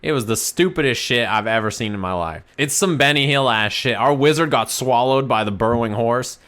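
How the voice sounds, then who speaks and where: A man with a medium-pitched voice talks briskly while streaming. He's animated and profane, casually telling his chat a rambling story laced with swearing.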